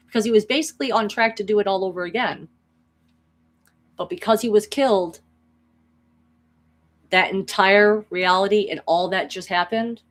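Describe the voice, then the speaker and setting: Brief: a chatty woman vlogger retelling a story, rambling, lowish voice. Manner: animated, rambling, many restarts. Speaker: spiritual vlogger.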